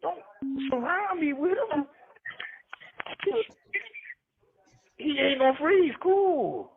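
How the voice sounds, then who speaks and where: A man's voice: very high voice, lively intonation, takes it slowly, creaky, noisy background. A man telling rambling street stories as a podcast guest, slangy and jumping between names. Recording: tinny phone line.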